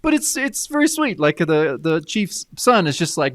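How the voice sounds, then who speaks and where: A man in casual podcast chat, his pitch leaping up and down as he retells a comic and slips into quick character voices. His voice sits a little high and sounds dry and close to the mic, with no room around it. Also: dry recording. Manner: animated, acts out dialogue in character voices. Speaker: podcast co-host.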